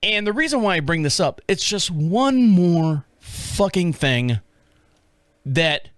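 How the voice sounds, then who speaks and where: A man in his fifties hosting his own show, telling a rambling story from his rural life with lots of swearing, acting out his own shouting in a high, loud voice. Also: takes it slowly, no echo, clean studio sound. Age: 50s. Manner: profane, animated storyteller who acts out his own yelling. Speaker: podcast host. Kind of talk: casual solo storytelling.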